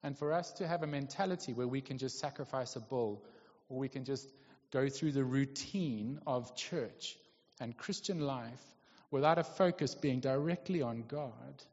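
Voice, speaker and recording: A man preaches in an easy, conversational way, pausing often to check in with his listeners. His mid-pitched voice carries a long echo in a church hall, and the recording sounds dull and lo-fi. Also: a little mellow. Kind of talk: sermon. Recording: lo-fi, echoey hall.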